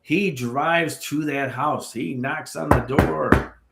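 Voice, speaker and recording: A man from the area, a paranormal tour guide telling a ghost story as a podcast guest with lively asides. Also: fairly high pitch, slow pace, gravelly, echoey room, heavy background noise. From Chicago area. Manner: animated storyteller with many asides.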